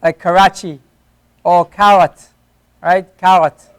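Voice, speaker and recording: A man's voice: sits high, fairly even intonation, takes it slowly, clear, resonant tone. A man teaching an Arabic class, patiently repeating each letter sound to demonstrate its pronunciation. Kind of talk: classroom lesson. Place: classroom at an Islamic center.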